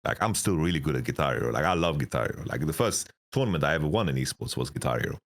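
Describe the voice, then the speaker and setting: A man in his thirties, a guest telling profane, rambling stories in a casual interview, his voice getting raspy. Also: rumbling low, animated, rapid-fire. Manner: rambling, profane, laughing storyteller. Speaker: esports coach, interview guest.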